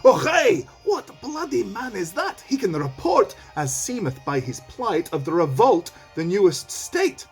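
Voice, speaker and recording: Hammy old Scottish king, as a teacher puts him on: very high, loud, theatrical. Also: sing-song, unhurried, few pauses, soft background music, full character voice. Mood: commanding. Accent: put-on Scottish. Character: old king in a war camp, male.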